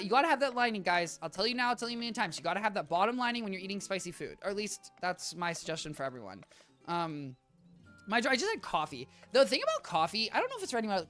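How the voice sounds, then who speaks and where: Rambling, bright-voiced game streamer. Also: medium pitch. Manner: chatty, rambling, addresses chat as guys. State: worn-out voice. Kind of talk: live-stream chat while playing.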